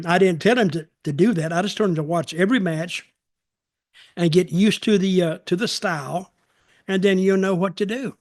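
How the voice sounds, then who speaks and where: An older man with a fairly high voice tells rambling, folksy stories in a relaxed chat. The sound is close and dry, with no room around it. He often slips into the voices of the people in his stories. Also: normal speed, dry recording. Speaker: storytelling show host, former wrestler. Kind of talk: casual storytelling.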